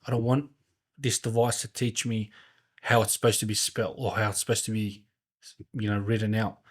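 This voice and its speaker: Male podcast host, relaxed conversational manner, slightly low voice. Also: moderate pace. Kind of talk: podcast interview.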